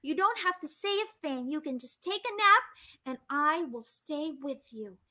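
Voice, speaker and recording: Woman doing a hushed, caring little penguin. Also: sits high, animated, moderate pace, heavily acted. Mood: soothing.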